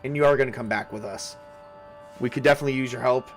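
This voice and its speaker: A man voicing a grown male survivor who talks calmly and reassuringly. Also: mid-range voice, fast talker, soft background music, close to an everyday voice. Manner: calm, reassuring. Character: steady adult male survivor, reassuring leader.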